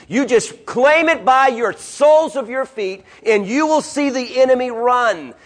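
A man with a high voice delivers a sermon. He reads scripture and hammers his points home through repetition, sliding between hushed, low stretches and raised, insistent ones. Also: animated, moderate pace, few pauses. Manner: emphatic, repeating phrases and swinging from hushed to raised. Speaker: preacher.

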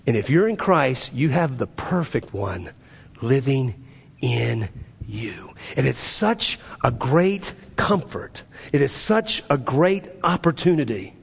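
A male pastor preaching a sermon, emphatic, swinging from urgent high peaks to low, quiet asides. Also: big pitch swings, takes it slowly, vocal fry, husky. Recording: long reverb of a large hall.

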